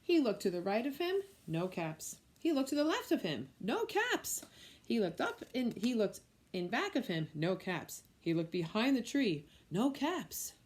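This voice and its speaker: A woman, a preschool teacher, reading a picture book aloud to young children with expressive storytelling. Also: a little high, unhurried.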